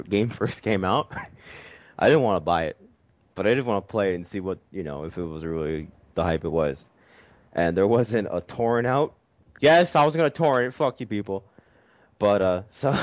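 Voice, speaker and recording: A man's voice: on the low side, moderate pace, no echo. A man spinning a story in a casual chat, his voice rising and falling a lot as he swears his way through it. The sound is dry and dull, like a lo-fi recording close to the mic. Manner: animated, profane storytelling.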